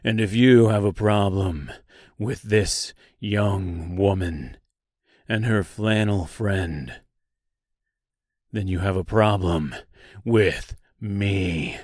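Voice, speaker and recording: Man doing a gruff metal woodsman, protective, slow and low, dry sound. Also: a little mellow, no echo, exaggerated voice. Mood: stern. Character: stern protective male tin woodman.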